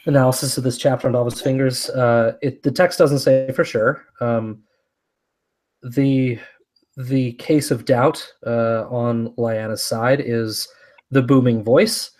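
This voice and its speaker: A man, a podcast guest, talking through a fantasy book discussion in a measured, careful way. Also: mid-range voice, fairly even intonation, a little mellow.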